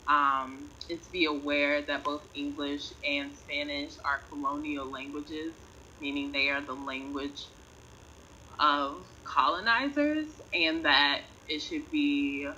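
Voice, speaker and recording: A woman reading a prepared class presentation in an earnest, measured way. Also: low-pitched, bright, forceful tone, lo-fi sound, a little hiss or hum. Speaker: student presenter.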